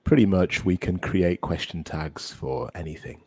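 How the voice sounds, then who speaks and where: A man teaching English grammar in a casual podcast chat, explaining clearly and encouraging his co-host. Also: low voice, a little slow, darkish tone, no room sound.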